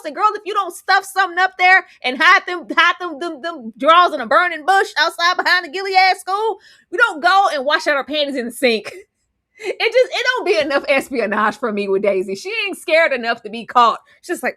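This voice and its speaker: A woman's voice: extremely high pitch, animated, fairly quick, bright, forceful tone, no echo, clean studio sound. A woman hosting a casual live discussion show, talking with animation and acting out characters' lines. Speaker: host.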